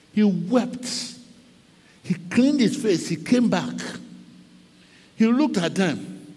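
A man preaches slowly and dramatically, his high voice rising and falling with wide swings. He tells his sermon as a story and slips between English and Twi. His voice rings with the long reverb of a large hall. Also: mellow, husky.

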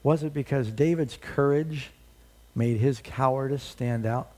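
A man's voice: medium pitch, unhurried, a little mellow. A male preacher giving a sermon, retelling a story with dramatic storytelling and rhetorical questions.

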